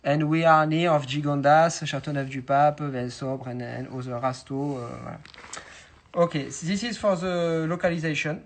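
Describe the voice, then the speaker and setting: French-accented man, halting. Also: a little high, fairly even intonation, low-quality recording. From France. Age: young adult. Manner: halting, many filler sounds and restarts. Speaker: winemaker giving a vineyard tour. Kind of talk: casual guided talk. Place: outdoors in a vineyard.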